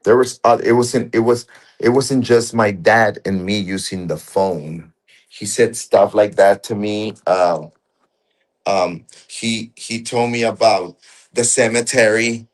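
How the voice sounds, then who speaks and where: A man telling a story as a guest in casual conversation, halting and restarting often, with rough, profane speech. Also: lowish voice, fairly even intonation.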